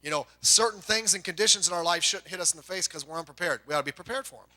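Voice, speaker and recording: A middle-aged man preaching a sermon to a congregation, telling folksy family stories with quick asides. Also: sits high, sharp tone. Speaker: pastor.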